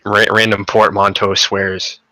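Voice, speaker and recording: A man's voice: lowish voice, little pitch movement, a little slow, bright, forceful tone, low-quality recording. A young man co-hosting a casual gaming podcast, rambling and profane, with lots of fillers and restarts. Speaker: podcast co-host.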